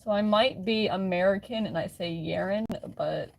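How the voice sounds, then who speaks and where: A woman talking off the cuff on a live stream, her pitch sitting in an ordinary middle range. She wanders from thought to thought, teases herself and breaks into laughs often, recorded on a phone. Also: normal speed, gravelly, a little mellow. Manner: rambling, self-mocking, often laughing. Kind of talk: casual live stream chat.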